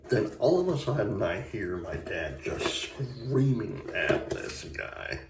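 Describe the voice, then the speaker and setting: A man's voice: lowish voice, very animated, slow pace, creaky, background noise. A man telling a long casual story in a rambling way with lots of fillers, recorded in a bathroom. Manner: rambling, filler-heavy anecdote with quoted voices. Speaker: shaving vlogger. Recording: echoey room, mic at a distance.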